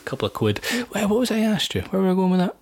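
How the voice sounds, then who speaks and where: A man's voice: sits high, sing-song, rapid-fire, darkish tone. A young man co-hosting a casual podcast chat, teasing and jokey in his banter. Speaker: podcast co-host.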